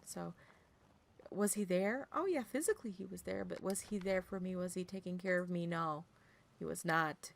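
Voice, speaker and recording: Chatty gravelly-voiced woman. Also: on the low side, moderate pace. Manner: chatty storyteller, laughs often, animated asides. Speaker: livestreamer chatting with viewers. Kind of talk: casual chat.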